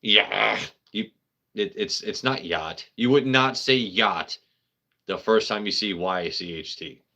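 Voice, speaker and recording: A man's voice: lowish voice, unhurried, pushed and bright. A man hosting a casual live stream, rambling, joking with his chat and swearing freely. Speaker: livestream host.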